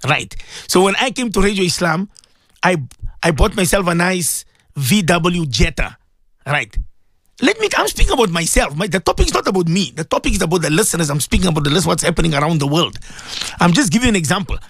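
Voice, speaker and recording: A high-voiced man delivers an impassioned, preachy talk into a studio microphone. He circles back over the same phrases and speaks straight to his listeners. The sound is dry and close. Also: sing-song, fairly quick, a bit bright, husky, no room sound. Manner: impassioned, repetitive, addresses listeners directly. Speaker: radio presenter.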